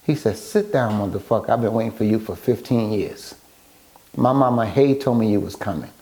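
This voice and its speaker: An author and photographer, appearing as a guest in a casual interview, tells his story in a brisk voice on the low side. Along the way he lively acts out what people said to him.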